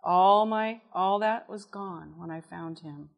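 A woman's voice: mid-range voice, takes it slowly, vocal fry. A woman preaching in a conversational, storytelling way, laughing at times as she tells her story. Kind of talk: storytelling sermon.

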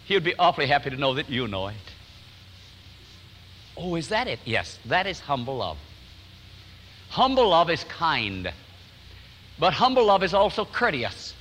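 A man's voice: on the high side, sing-song, a little slow, pauses often, in a large hall, a little hiss or hum, rough recording. An older man preaching a sermon in a church sanctuary, telling stories and acting out what people said. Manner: warm storytelling, acts out quotes, chuckles often. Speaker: pastor.

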